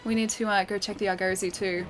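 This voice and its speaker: Young Australian woman, casual stream talk, mid pitch, light laughs, faint music underneath. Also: steady tone, fast talker. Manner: chatty, laughs often, reads chat aloud. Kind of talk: casual gaming livestream chat.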